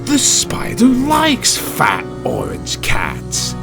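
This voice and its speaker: A man's voice: sits high, huge pitch swings, drawn-out words, gravelly, loud music behind the voice, voice pushed up, exaggerated voice. A man voicing a sinister male postman who speaks with fake friendliness and a hollow, menacing laugh. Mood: mock friendly.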